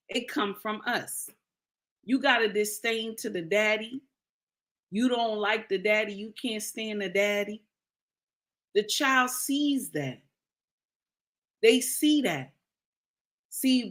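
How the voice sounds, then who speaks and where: With a medium-pitched, fairly bright voice, a woman offers casual commentary with a preachy edge. Speaking as a social commentator, she calls listeners her sisters and repeats key points for emphasis.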